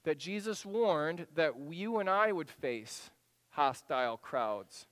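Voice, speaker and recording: A man preaching a sermon, telling a story with drama, dropping to a hush and then rising to act out voices. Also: fairly high pitch, slow, in a large hall. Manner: dramatic storytelling, drops to a hushed voice then rises to animated acted-out lines. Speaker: pastor.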